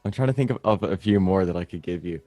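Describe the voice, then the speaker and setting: A man's voice: low-pitched, expressive, fast talker, dark tone, no room sound, faint music behind. A young Irish man hosting a podcast in casual chat, easygoing and hesitant, often restarting his sentences. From Ireland. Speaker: podcast host.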